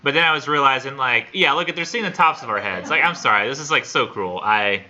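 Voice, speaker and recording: A man's voice: medium pitch, fast talker, pushed and bright, highs cut off. A man teaching a college literature class in a casual, rambling, self-deprecating way, in a classroom on a camera mic. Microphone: classroom computer camera for remote students.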